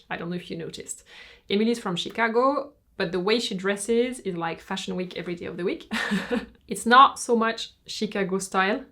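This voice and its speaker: A woman from France with a French accent hosts a channel and gives opinionated review commentary in a measured, explanatory, frank way. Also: mid-range voice, a bit bright. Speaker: fashion reviewer and host.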